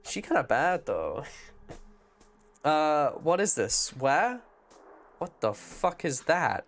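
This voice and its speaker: A man streaming live, chatting casually and excitably, and swearing freely. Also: fairly high pitch, takes it slowly, long pauses, soft background music.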